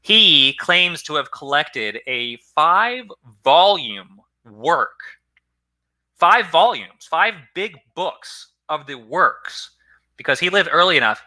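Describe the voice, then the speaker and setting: A man's voice: fairly high pitch, big pitch swings, slow, pushed and bright. A man hosting his own channel, giving a casual, rambling talk on early church history, often correcting himself mid-sentence and greeting viewers in a live chat. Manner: rambling, self-correcting, conversational. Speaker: philosophy channel host.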